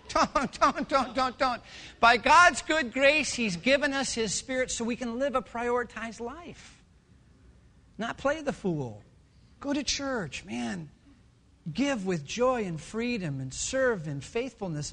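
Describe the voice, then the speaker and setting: Lively man preaching, high bright voice, jumps into characters. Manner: animated storytelling, jumps into voices. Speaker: pastor. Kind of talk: sermon.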